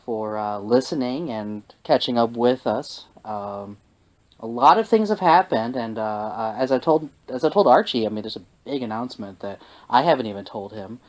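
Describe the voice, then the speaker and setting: A man's voice: mid-range voice, expressive, low-quality recording. A young man hosting a casual wrestling podcast, joking and teasing his co-host, with frequent fillers and restarts. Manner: teasing joker, halting with fillers.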